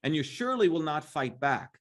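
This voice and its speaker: A man's voice: a little high, big pitch swings, brisk, a bit bright, a little hiss or hum. Emphatic combative man. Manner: emphatic, combative, repeats "right?". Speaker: interview guest. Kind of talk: impassioned interview talk.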